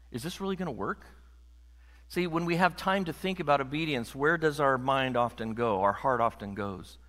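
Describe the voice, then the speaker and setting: A middle-aged American man preaching a lively sermon as pastor, building to loud emphatic peaks and joking with the congregation. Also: mid-range voice, long reverb tail. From United States.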